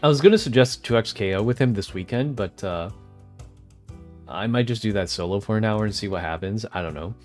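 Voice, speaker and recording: A man's voice: fairly low pitch, fairly quick, darkish tone, faint music behind. A man streaming live and chatting casually with viewers, rambling and easily distracted, often laughing. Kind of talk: casual chat with livestream viewers.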